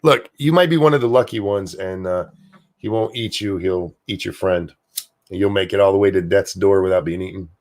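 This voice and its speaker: A man with a lowish voice talks loosely on a home livestream, drifting between thoughts and swearing offhandedly. He reads viewer comments aloud and answers them in an easygoing, unscripted way. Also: brisk. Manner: rambling, profane, offhand. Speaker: livestream host. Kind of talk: casual livestream chat, reading viewer comments.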